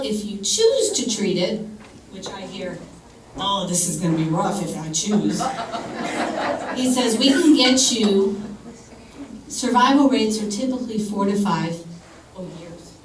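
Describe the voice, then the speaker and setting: Woman doing dark stand-up in a club. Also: mid-range voice, animated, a little slow, long pauses. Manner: conversational storytelling, dark humor, blunt swearing. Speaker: stand-up comedian. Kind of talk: stand-up comedy set. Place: comedy club stage. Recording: roomy club sound from far off with audience noise.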